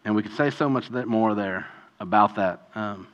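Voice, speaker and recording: A man preaching a sermon in a conversational, animated way, often acting out quoted voices. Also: on the low side, normal speed, dull audio. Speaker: pastor.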